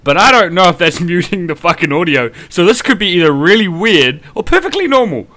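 Animated, bright-voiced New Zealand man. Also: high voice, a little fast. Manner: sweary, animated ranting. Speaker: podcast co-host. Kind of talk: casual podcast chat.

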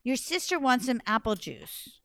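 A woman's voice: a little high, big pitch swings, unhurried, a bit bright, no room sound, full character voice. A woman voicing a busy mother making dinner, talking in a patient but tired way. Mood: weary. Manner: patient-then-weary, sighing.

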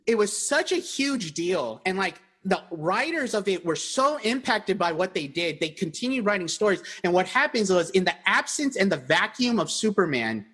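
A man's voice: high voice, normal speed, hardly any pauses, slightly rough. A man telling stories animatedly in casual chat as a podcast co-host, often restarting his sentences. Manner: animated storyteller with many restarts.

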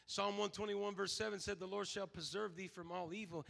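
A man's voice: sits high, fairly even intonation, a little fast, vocal fry, fairly bright tone, long reverb tail, a little hiss or hum. A man pastor preaching a fervent sermon, quoting scripture and calling on the congregation to respond.

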